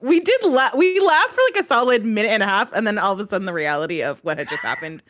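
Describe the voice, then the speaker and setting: A woman's voice: medium pitch, animated, fast, fairly bright tone. A woman on a podcast, telling a story casually with frequent laughter. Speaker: podcast regular.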